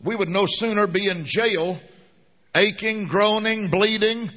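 High, bright-voiced fervent male preacher. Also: a little slow. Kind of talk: sermon. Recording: dull lo-fi sound with long hall reverb.

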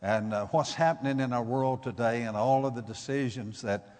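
A man preaching a sermon, moving from measured teaching to loud, emphatic exhortation. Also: mid-range voice, long reverb tail. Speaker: guest preacher.

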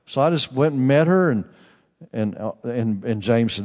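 A man's voice: a little high, moderate pace, a little mellow. A male preacher tells a testimony and speaks directly to his listeners in a fervent way, with many restarts. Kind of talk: sermon with personal testimony. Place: church sanctuary. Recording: long reverb in a large hall.

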